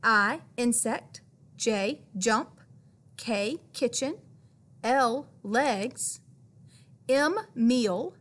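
A woman reading a children's picture book aloud in a gentle, playful way, sounding out each letter. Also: on the high side, extremely slow, long pauses. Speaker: children's story reader.

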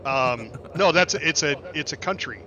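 Man, bright sharp voice, blunt teasing banter, slightly muffled voice-chat sound. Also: on the high side, animated, moderate pace, a little hiss or hum. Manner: blunt, teasing, laughs often. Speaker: streamer host. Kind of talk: casual chat.

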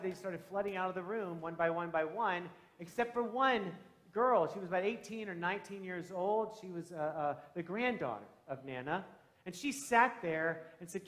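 A man who is a pastor, telling a story, growing hushed and then loud as the story turns. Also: sits high. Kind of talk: storytelling sermon. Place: church sanctuary. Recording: echoey church room.

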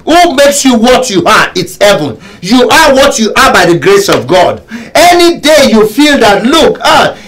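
A man preaching a sermon as pastor, emphatic and repetitive, with sudden shouts. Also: high-pitched, sing-song, a little slow, rough recording. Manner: emphatic preaching, repeats phrases and bursts into shouts.

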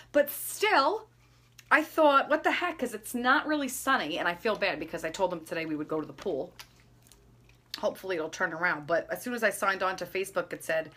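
A woman's voice: a little high, fairly bright tone. A woman in her thirties chatting casually through her skincare and makeup routine, rambling and laughing at herself. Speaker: beauty vlogger.

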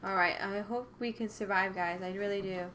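A woman's voice: medium pitch, fairly even intonation, brisk, background noise. A woman hosting a casual gaming livestream, chatty and upbeat, greeting viewers by name. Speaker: livestream host. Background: game music.

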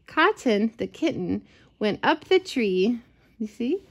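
A woman reading a picture book aloud to a child, gentle and expressive, with chatty asides. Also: a little high, takes it slowly, slightly rough. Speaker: storyteller for children. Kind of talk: read-aloud storytelling to a child.

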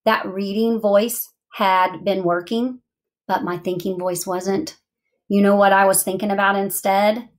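A woman's voice: medium pitch, flat delivery, unhurried. A middle-aged woman teaching a lesson to young students, encouraging and speaking directly to the children.

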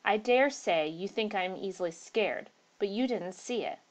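A man's voice: high-pitched, moderate pace, close to an everyday voice. A woman reading the part of a nervous, frightened male traveller in a ghost story. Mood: brusque. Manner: shaken, nervous, brusque.

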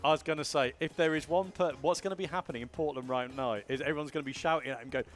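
A man's voice: a little high, fairly even intonation, very fast, soft background music. A man casting a live game tournament while playing, joking about himself and laughing often. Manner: jokey, self-mocking, laughs often. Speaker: tournament caster and player. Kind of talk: live gameplay commentary.

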